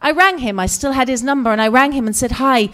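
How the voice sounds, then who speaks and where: A British woman in her forties tells a personal story to an audience, her voice a little high. She is animated and expressive. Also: fast talker. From Britain. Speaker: guest speaker. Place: community center hall.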